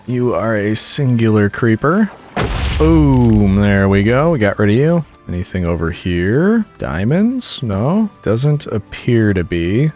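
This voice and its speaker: Low-voiced man chatting through a game. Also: sing-song, measured pace, hardly any pauses, a little mellow, faint music behind. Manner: chatty, jokey, talks to the game's monsters. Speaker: gaming commentator. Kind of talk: let's play commentary.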